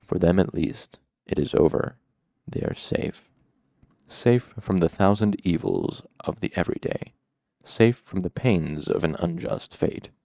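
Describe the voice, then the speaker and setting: A man's voice: low voice, animated, measured pace, creaky, warm tone, no echo, studio quality, heavily acted. A man voicing Lanre, a grief-stricken and weary fallen hero, speaking heavily with despair in an audiobook reading. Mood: resigned. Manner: heavy and despairing.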